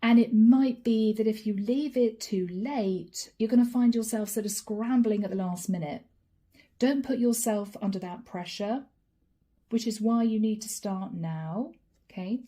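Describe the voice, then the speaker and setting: A woman giving a channeled tarot reading in a chatty, animated way, speaking straight to the listener by star sign and dropping to a soft whisper as she names each card. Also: medium pitch, a little slow. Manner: drops to a soft whisper when naming cards. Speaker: tarot reader.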